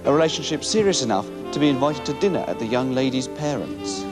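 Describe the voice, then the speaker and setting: Sketch narrator, male, mock-serious and earnest, animated voice. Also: mid-range voice, fast talker, over music.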